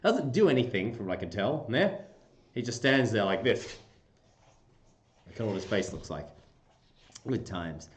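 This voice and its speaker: A man hosting a casual livestream, chatting playfully with viewers and breaking into goofy squeaky bursts. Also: big pitch swings, moderate pace, pauses often. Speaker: livestream host. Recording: roomy echoey room.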